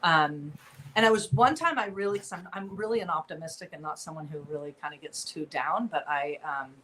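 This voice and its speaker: A woman's voice: low voice, fairly quick, sharp tone, slight background noise, rough recording. A middle-aged woman from Southern California, a nonprofit founder talking earnestly and with animation as a guest in an interview. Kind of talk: interview conversation.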